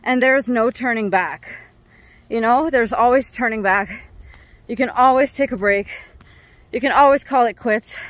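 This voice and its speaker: A woman's voice: on the high side, unhurried, long pauses, no echo. Tired, breathless woman on a mountain hike. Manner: exclaims often, nervous and breathy. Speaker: vlogger. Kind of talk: casual vlog narration while hiking. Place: outdoors on a mountain trail.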